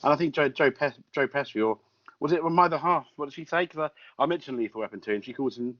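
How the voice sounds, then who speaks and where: A man's voice: medium pitch, fast talker. A man co-hosting a casual film review podcast, rambling with many stumbling restarts. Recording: lo-fi podcast audio.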